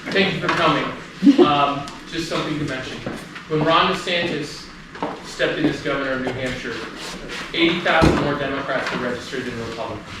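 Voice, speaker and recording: A man candidate giving an upbeat, enthusiastic campaign pitch at a meeting. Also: fairly quick. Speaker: political candidate. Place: meeting room. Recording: echoey room, distant mic, loud noise.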